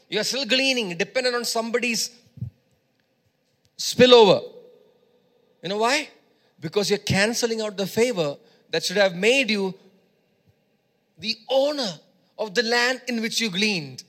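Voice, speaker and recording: A man's voice: very high-pitched, measured pace, pauses often, a bit bright. A male preacher giving a sermon, emphatic, repeating phrases and urging his congregation on.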